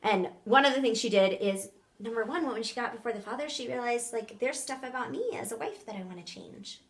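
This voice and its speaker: A woman with a fairly high voice in a relaxed conversation about faith. She speaks gently and affirms what her co-host says. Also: a little fast.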